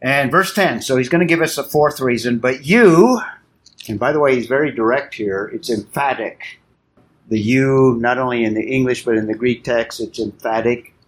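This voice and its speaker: A man teaching a Bible study class, explaining in a measured way and putting questions to his listeners. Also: mid-range voice.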